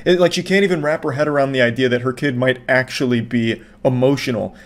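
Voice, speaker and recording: A man hosting a commentary video, speaking in a deadpan, mocking way and swearing freely. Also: mid-range voice, fast talker. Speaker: commentary host.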